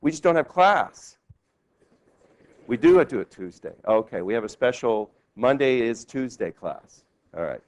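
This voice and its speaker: A male law professor giving a classroom lecture, lively and quizzing his students with questions. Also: medium pitch, a little slow. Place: law school lecture hall.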